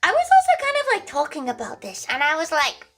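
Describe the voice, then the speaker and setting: A woman's voice: high-pitched, huge pitch swings, quick pace, a bit bright, soft background music. A young woman streaming casually, joking crudely and rambling with lots of restarts. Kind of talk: casual livestream chat.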